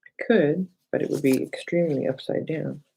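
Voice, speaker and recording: A woman's voice: deep voice, normal speed, gravelly, dark tone, slightly rough, low-quality recording. A middle-aged woman hosting a casual crafting livestream at her home craft table. She chats with viewers by name, thinks aloud and talks to herself as she works.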